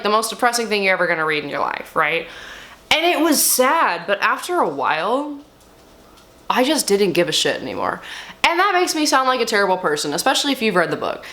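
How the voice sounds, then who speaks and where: A young woman talking casually and candidly as a book vlogger, swearing freely and swinging her pitch up and down. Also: sing-song, fairly quick, fairly bright tone. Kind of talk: casual chat.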